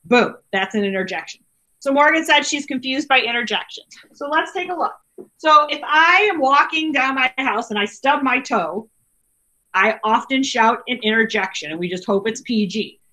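High, bright-voiced woman teacher. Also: moderate pace. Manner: chatty, repeats okay a lot. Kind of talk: online class lesson. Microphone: computer mic on a video call.

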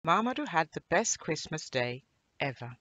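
A woman reading a children's story aloud in an expressive storybook manner. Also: low-pitched, moderate pace.

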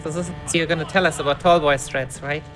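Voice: mid-range voice, fairly even intonation, fast, fairly bright tone. Speedrun co-commentator, explanatory, slight stumbles, music underneath. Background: game music.

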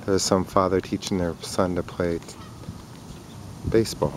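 A man narrating a casual home video outdoors in a riverside park, chatting in a rambling way and calling to his dog in a high voice, recorded on a handheld camcorder. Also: little pitch movement, normal speed. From Minnesota. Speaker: dog owner filming outdoors. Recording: faint outdoor noise.

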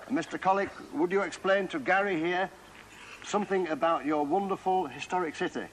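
A man's voice: high voice, a little fast, fairly bright tone, slight background noise, low-quality recording. A man hosting a TV travel segment outdoors, talking in an exuberant, coaxing showman's way. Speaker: TV host. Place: outdoors on a hot day.

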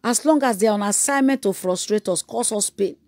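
A woman evangelist, preaching a sermon with emphatic repetition and moving into loud prayer and speaking in tongues. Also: mid-range voice, a little fast, dry recording, studio quality.

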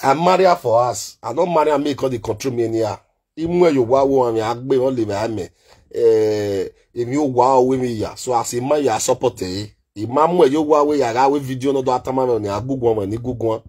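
Husky Nigerian man ranting animatedly. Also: mid-range voice, fast. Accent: Nigerian Pidgin English. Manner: loud, swings between shouting and muttering, mixes languages. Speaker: online content creator.

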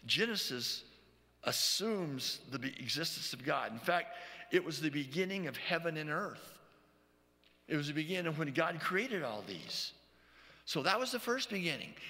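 Gravelly preacher in a reverberant hall. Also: male voice, a little high, bright, forceful tone. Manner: teaching, frequent "okay?" check-ins; reads scripture aloud slowly. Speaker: pastor. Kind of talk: sermon.

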